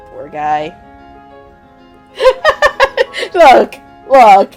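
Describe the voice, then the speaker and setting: A woman streamer playing a game, making giggly, animated asides. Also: medium pitch, measured pace, breathy edge, faint music behind. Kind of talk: game let's play.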